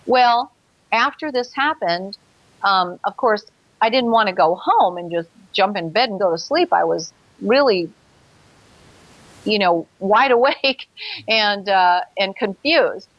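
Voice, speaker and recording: A woman's voice: mid-range voice, lively intonation, slow, no room sound, dull audio. A woman guest in a talk show interview, telling a personal story earnestly and vividly, with hesitant fillers.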